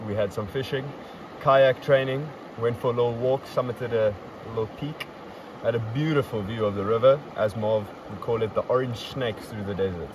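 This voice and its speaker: A man's voice: mid-range voice, normal speed. Upbeat young man, distant mic. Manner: upbeat, playfully boastful storyteller. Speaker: podcast host. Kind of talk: casual recap chat. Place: outdoors on a river trip. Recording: distant mic, outdoor traffic noise.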